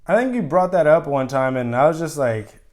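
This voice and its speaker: A man's voice: fairly high pitch, animated, brisk, a little mellow. A man with a Californian accent co-hosting a podcast, rambling with many fillers and acting out imagined reactions. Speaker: podcast co-host. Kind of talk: casual chat.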